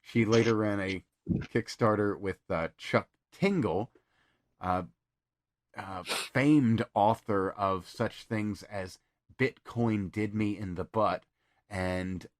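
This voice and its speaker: A man hosting a casual podcast, telling a story with lots of fillers and pauses. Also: fairly low pitch, no room sound, studio quality. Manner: rambling storyteller with many fillers. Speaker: podcast host.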